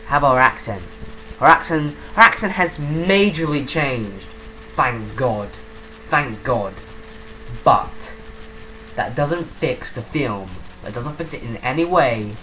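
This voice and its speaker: A woman's voice: very deep voice, takes it slowly, a bit bright, a little hiss or hum, low-quality recording. A woman giving a profane, rambling, mocking comedic film review.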